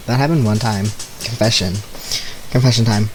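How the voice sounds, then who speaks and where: A man's voice: on the low side, moderate pace, a little mellow, slight background noise, rough recording. A young man streaming a video game, chatting casually and rambling through sheepish stories with nervous laughs. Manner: rambling, self-deprecating storytelling with nervous laughs. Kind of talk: casual gameplay commentary.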